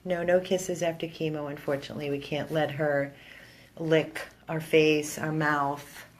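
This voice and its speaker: A woman's voice: low voice, little pitch movement, measured pace. A woman from an animal rescue, filming indoors on a handheld phone and talking earnestly and emotionally straight to her viewers. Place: indoor room.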